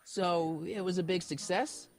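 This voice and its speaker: A man's voice: high-pitched, fairly even intonation, unhurried. A man voicing a casual, blunt teenage boy in a video game.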